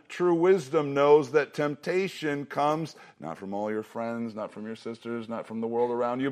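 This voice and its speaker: A middle-aged man preaching to a student youth group. He says the memory lines slowly with emphasis and drops in joking asides. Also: mid-range voice. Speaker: student ministry pastor.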